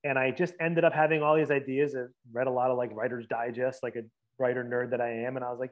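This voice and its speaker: A man's voice: mid-range voice, flat delivery, quick pace, narrow, tinny audio. A man in his forties, a writer from the Boston area and New Jersey, chatting casually as an interview guest, rambling with lots of fillers and restarts.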